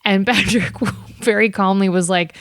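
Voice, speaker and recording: Woman, podcast host, smooth voice, dry close sound, chatty storyteller. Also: medium pitch, moderate pace, no echo. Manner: chatty, laughs often, animated storytelling. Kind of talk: casual chat.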